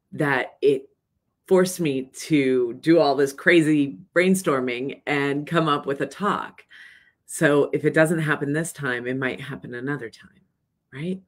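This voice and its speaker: A middle-aged woman with a low voice talks earnestly and plainly to her viewers in a casual weekly video. She shares her reflections in an unpolished way and now and then acts out anxious or falsely soothing inner voices. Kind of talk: casual reflective talk to camera.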